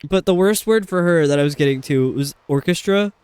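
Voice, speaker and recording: A man with a New York accent rambles casually while he streams a game. His voice sits a little high and sounds smooth and clear, recorded close and dry. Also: a little fast, darkish tone, no room sound. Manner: rambling, chatty. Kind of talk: casual chat while gaming.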